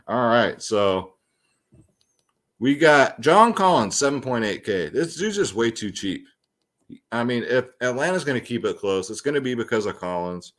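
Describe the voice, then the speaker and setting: A young man hosting a fantasy sports picks show, talking loosely and slangily with lots of ums and side remarks. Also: on the low side. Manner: loose, slangy, chatty with many ums and asides. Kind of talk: casual slangy picks breakdown.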